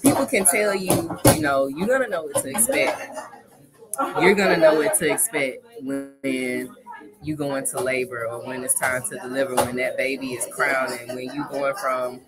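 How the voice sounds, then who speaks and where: A woman's voice: very deep voice, moderate pace, over loud music, poor audio. A woman, a doula and guest, talks earnestly and from the heart in a conversational interview. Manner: earnest, heartfelt, repeats herself. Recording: loud crowd chatter behind.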